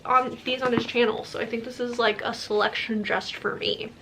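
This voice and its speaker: A young adult woman chatting casually as a book vlogger, answering questions and unboxing books, gushing with quick asides. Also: a little high, steady tone, noisy background.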